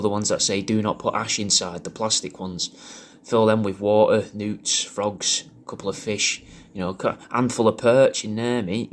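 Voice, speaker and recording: A man's voice: lowish voice, slight background noise. A man talking in a crude, rambling way, recording a personal video message full of swearing and restarts. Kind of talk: casual rambling monologue.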